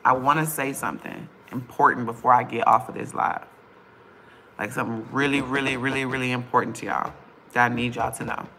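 A woman chatting casually on a livestream with her viewers, impatient and bantering with loud bursts. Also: a bass voice, fairly even intonation, a little fast, slight background noise. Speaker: vlogger on a livestream.

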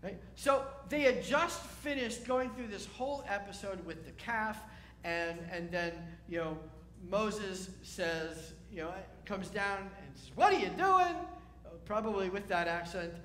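A man's voice: sits high, unhurried, a bit bright, reverberant, slight background noise. A man preaching a sermon as a rabbi, speaking in a conversational, wry way and asking his listeners questions.

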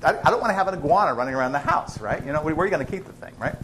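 A man's voice: on the high side, expressive, rapid-fire, a bit bright, a little hiss or hum. A man voicing a fussy woman shopping for her husband's birthday, hesitant and stumbling over words. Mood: doubtful.

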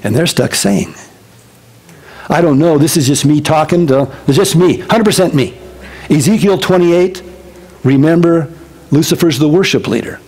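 A male pastor giving a casual Bible-teaching sermon to his congregation, animated and conversational with joking asides. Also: a little high, moderate pace, pauses often, slightly rough. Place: church service before a congregation.

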